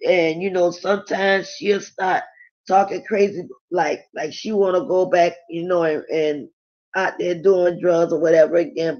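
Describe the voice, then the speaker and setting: A middle-aged woman hosting a casual live stream, chatting candidly and reading viewer comments aloud. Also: on the low side. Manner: chatty, candid, rambling with restarts. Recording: dull lo-fi sound.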